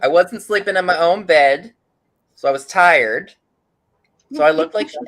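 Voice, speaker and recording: A man's voice: fairly high pitch, measured pace, a bit bright. A man chatting casually with friends on a live video call, telling stories in a blunt, wry way. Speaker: vintage dealer on a group live chat. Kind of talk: casual group chat.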